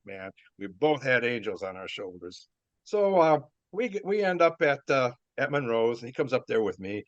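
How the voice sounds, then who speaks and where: A man's voice: mid-range voice, very animated, normal speed, a bit bright, no echo. An older man, a former wrestler, telling rambling stories with chuckles, fillers and restarts. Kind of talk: rambling storytelling. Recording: dull dry lo-fi sound.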